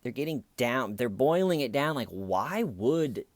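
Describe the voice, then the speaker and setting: A man's voice: mid-range voice, very animated, measured pace, no room sound. A man recapping a true-crime case as a comedian, casual, blunt and sardonic. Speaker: comedian commentator.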